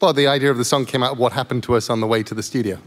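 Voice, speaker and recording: A man's voice: mid-range voice, fairly even intonation, rapid-fire. Dry man correcting, reverberant stage. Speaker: co-writer on stage. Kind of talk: onstage banter.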